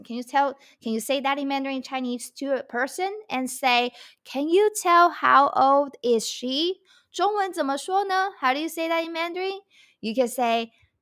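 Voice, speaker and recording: A woman with a high, bright voice gives a language lesson. She speaks slowly and deliberately, repeating each example so learners can follow. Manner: slow, repeating phrases for learners; mixes English explanation with Mandarin examples. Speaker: Mandarin teacher.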